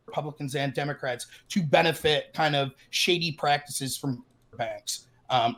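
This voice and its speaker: A man in his thirties calling in over a voice call with a cutting-out mic, hedging and apologetic as he argues. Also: fairly high pitch. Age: 30s. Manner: hesitant, apologetic, hedging with "I feel". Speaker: caller. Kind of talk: casual political debate. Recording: call audio, mic gating.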